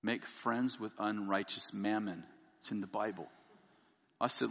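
A man preaching a sermon, telling a candid, self-mocking personal story and quoting people in lively voices. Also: fairly low pitch, normal speed. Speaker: pastor. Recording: dull lo-fi audio with long hall reverb.

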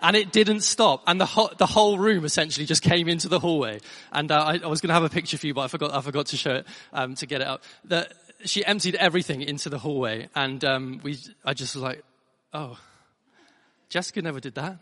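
Animated male pastor in a reverberant hall. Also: fairly high pitch, fast talker, few pauses. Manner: animated storytelling with emphatic repeats. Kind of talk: sermon.

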